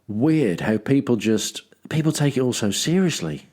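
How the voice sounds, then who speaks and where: A man from Dudley, England, reads his travel journal aloud as a podcast host. His medium-pitched voice is sing-song and darkish, at a normal speed, and he rambles with ums and restarts, dropping in wry, self-mocking asides.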